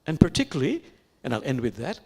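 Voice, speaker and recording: Reflective man preaching with lively pitch. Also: vocal fry, slightly rough. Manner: reflective, slow with pauses, drops to whispers. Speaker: imam giving a sermon. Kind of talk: sermon.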